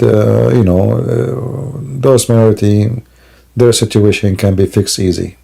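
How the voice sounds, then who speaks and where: A man's voice: on the low side, creaky, dark tone, slightly rough. A sleepy man talking to his live-stream audience at home at night, rambling, with broken grammar and many fillers. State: sleepy and yawning. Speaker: Christian apologist streamer. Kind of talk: casual live-stream monologue.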